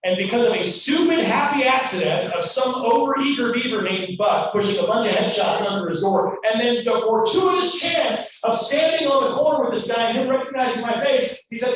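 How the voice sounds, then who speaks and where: A man from Louisiana giving a motivational storytelling speech, animated and acting out every character in his story. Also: very high voice, a little fast, hardly any pauses. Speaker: guest speaker. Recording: echoey hall, mic far off, faint noise.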